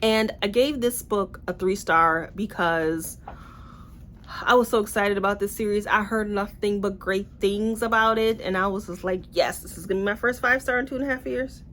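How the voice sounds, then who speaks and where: A young woman casually reviewing books in a vlog, blunt and animated, with swearing and playful asides. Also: mid-range voice, normal speed, a little hiss or hum. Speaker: book reviewer.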